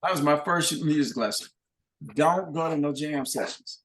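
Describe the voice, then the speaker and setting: An older man, a guest musician, telling animated, plain-spoken anecdotes in a relaxed chat. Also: fairly high pitch, normal speed, roomy sound. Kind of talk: casual storytelling.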